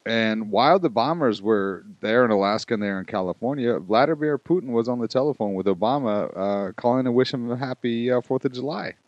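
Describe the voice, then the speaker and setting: A man's voice: medium pitch, a little fast, hardly any pauses, no room sound, dull audio. A man co-hosting a podcast in loose, casual chat, laughing often and swearing freely. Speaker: podcast co-host.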